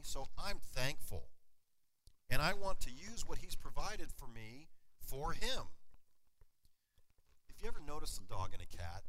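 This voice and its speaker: A man's voice: mid-range voice, a little hiss or hum, low-quality recording. A man preaching a sermon to his congregation, asking them questions and joking with them. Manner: lively, engages congregation with questions and humor. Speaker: pastor. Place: church sanctuary.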